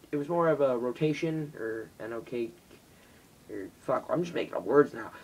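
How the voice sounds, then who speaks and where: A teenage boy vlogging in casual chat, rambling and swearing, jumping between loud bursts and whispers. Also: on the high side, distant mic, low-quality recording. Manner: rambling, swearing, jumpy loudness with mock voices and whispers. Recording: voice drifting off the mic.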